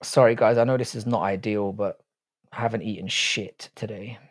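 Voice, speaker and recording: A man's voice: lowish voice, fairly even intonation, moderate pace, no echo, clean studio sound. A man hosting a live stream in casual chat, swearing freely and bantering with his viewers.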